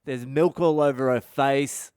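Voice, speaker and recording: A man's voice: mid-range voice, fairly even intonation, unhurried, darkish tone, smooth, no room sound, clean studio sound. Aussie guy rambling a funny story on his podcast, swears constantly, clean resonant voice. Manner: heavy swearing, rambling and candid. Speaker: podcast host. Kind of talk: comedic storytelling monologue.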